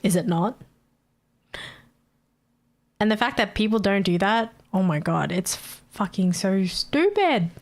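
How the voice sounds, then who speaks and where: A woman's voice: medium pitch, animated, unhurried, pauses often. A woman streamer chatting casually, ranting with frequent swearing and laughter. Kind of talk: casual live-stream chat.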